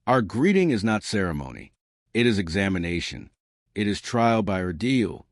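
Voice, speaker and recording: A man voicing a giant, solemn male crystal alien leader who speaks in a slow, grave, formal way. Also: big pitch swings, no echo, studio quality. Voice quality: deep hushed voice. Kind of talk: audiobook narration.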